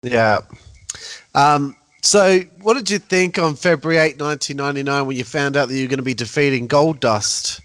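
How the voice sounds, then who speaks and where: A man's voice: mid-range voice, moderate pace, fairly bright tone, no room sound. A man hosting a podcast, asking his guest long, detailed questions in a casual tone. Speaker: podcast host. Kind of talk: interview questions.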